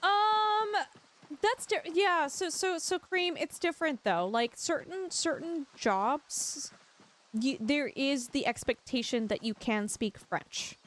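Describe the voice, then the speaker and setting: Young Canadian woman streamer, high bright pitch, bubbly and chatty with her chat. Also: animated, slow. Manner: bubbly, giggly, chatty with viewers. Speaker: livestream gamer. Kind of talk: casual livestream chat.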